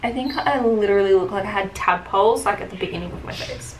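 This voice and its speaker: A woman's voice: mid-range voice, quick pace. A young woman chatting casually while doing her makeup, telling a story with lots of fillers. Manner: chatty, many fillers, animated retelling. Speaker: beauty vlogger. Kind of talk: casual get-ready-with-me storytelling. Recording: echoey room with faint hiss.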